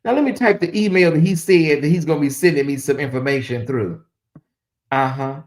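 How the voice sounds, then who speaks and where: A woman host talking on her own commentary stream in a loose, casual way. She drops into low murmurs, then rises into loud, emphatic outbursts. She repeats herself often, as if thinking out loud to her viewers. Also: a little fast. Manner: animated, repeats questions, swings from muttering to exclaiming.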